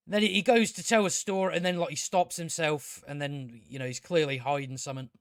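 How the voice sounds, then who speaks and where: High-voiced sarcastic man ranting. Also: steady tone, fairly quick, a bit bright, no echo, studio quality. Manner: sarcastic, profane, hesitant with many restarts. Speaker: video reviewer. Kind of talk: rambling casual recap review.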